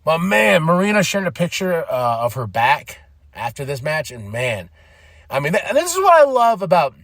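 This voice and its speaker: A man's voice: fairly high pitch, sing-song, moderate pace, creaky, a bit bright, dry recording, clean studio sound. A man hosting a podcast, giving rambling, enthusiastic fan commentary and often laughing. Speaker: podcast host. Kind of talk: casual commentary.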